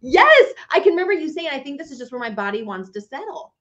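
Woman host chatting casually w a friend, kinda high voice, dull lo-fi sound. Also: animated, racing. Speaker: podcast host. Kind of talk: casual interview chat.

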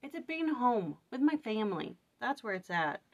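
A woman talking casually in a scripture study vlog, tired and venting, telling an animated story about a hard day at work. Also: a little high, moderate pace, lo-fi sound. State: weary. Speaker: vlogger.

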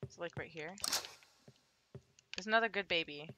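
A woman's voice: on the low side, moderate pace, lo-fi sound, noisy background. A young woman playing a horror game with a friend, jumpy and swearing as she gets startled. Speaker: gamer streaming a co-op horror game. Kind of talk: casual gameplay chat.

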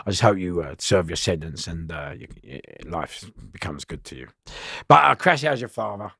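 Gravelly man spinning slangy yarns. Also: deep voice, animated, moderate pace, sharp tone, dry recording, clean studio sound. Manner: rambling, slangy, laughs and swears often. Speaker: guest telling prison stories. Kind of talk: casual storytelling interview.

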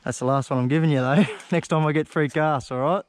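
An excitable Australian man chatting with a mate while fishing on a river, recorded outdoors on a camera mic. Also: a little high, brisk. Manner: excitable, laughing banter with a mate. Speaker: fishing vlogger. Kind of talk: casual chat while fishing.

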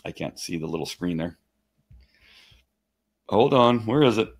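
Chatty guy on a livestream, lowish voice, gets excited and rambles. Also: unhurried, slightly rough. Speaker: live stream host. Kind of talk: casual live stream talk.

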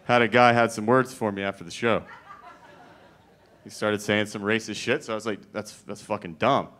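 A man's voice: lowish voice, little pitch movement, normal speed, a bit bright. A man doing a stand-up comedy set, talking in a rambling, conversational way that is wry and profane. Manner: rambling, conversational, filler-heavy.

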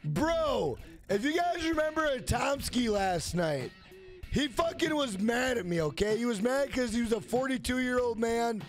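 A man in his thirties livestreaming in casual chat, brash and profane, shouting out greetings to viewers. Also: extremely high pitch, animated, unhurried, faint music behind. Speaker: gaming livestreamer.

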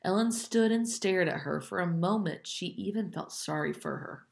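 Expressive woman reading aloud. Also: lowish voice, normal speed, gravelly. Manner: expressive, with slips and self-corrections. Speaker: reader reading a chapter book aloud. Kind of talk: read-aloud narration with asides.

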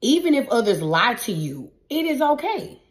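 A woman's voice: a little high, big pitch swings, moderate pace. A woman tarot reader giving a spiritual pep talk to her viewers in a casual, emphatic, repetitive style with a preacher-like cadence. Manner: casual, addresses viewers as y'all.

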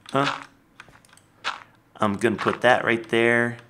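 A man casually commenting on his building as he plays a game, chatty and lively. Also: fairly low pitch, slow, noisy background. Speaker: Minecraft let's player.

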